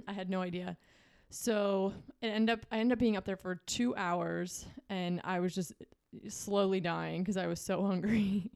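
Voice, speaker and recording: A woman's voice: mid-range voice, fairly even intonation, measured pace, creaky, darkish tone, clean tone. A young woman co-hosting a podcast, telling a story in a casual chat with many fillers and frequent laughs. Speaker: podcast co-host.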